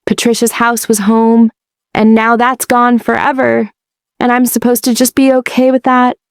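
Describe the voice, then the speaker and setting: A woman's voice: on the high side, level tone, moderate pace, clean tone, no echo, clean studio sound, voice pushed up, lightly acted. A woman voicing an upset ten-year-old girl who pleads with raw, tearful anger. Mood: angry, hurt.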